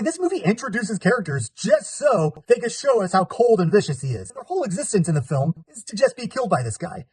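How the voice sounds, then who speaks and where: Male host, 40s; quick and animated delivery with a slightly husky edge, playful review-vlog energy. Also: sits high, dry recording. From California. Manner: upbeat and animated, jokey asides.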